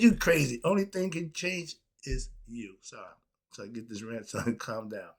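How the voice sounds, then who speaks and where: A man ranting on his own commentary show, emphatic and animated, asking rhetorical questions and swinging between loud outbursts and low mutters. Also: moderate pace, husky. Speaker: commentary channel host. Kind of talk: unscripted solo rant.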